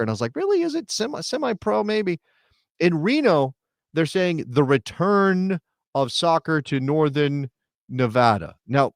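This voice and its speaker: A middle-aged man co-hosting a soccer talk show, chatting casually and thinking out loud with rhetorical questions. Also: mid-range voice, dry recording, studio quality. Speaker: soccer podcast co-host. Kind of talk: casual chat.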